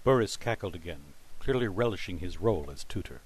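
A man reading a story aloud in steady, measured scripted narration. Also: low voice, breathy edge, dry recording. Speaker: audiobook narrator.

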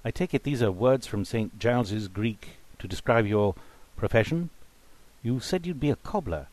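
Man as a sharp, formal gentleman. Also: medium pitch, expressive, moderate pace, no room sound, natural voice. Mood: puzzled. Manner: formal, precise, wordy. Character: educated, sharp-witted gentleman, male, suspicious.

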